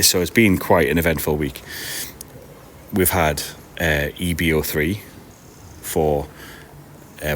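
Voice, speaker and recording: Casting: tired man in his 40s, low voice, rambling chatty stream host, faint hum behind. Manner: rambling and self-deprecating, with frequent restarts. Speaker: card seller and livestream host. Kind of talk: casual live-stream chat. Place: large glass-roofed old station hall, indoors.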